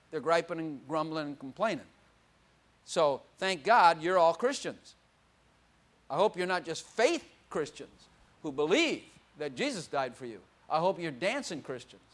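An older man preaching a sermon, animated, swinging from loud exclamations to quiet asides and laughing often. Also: high voice.

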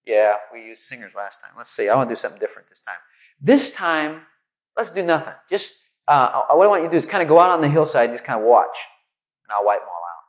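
A man's voice: mid-range voice, quick pace, lightly acted, rough recording. A man doing a leisurely, easygoing God. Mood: casual. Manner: relaxed, leisurely, soft. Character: unhurried, easygoing male God.

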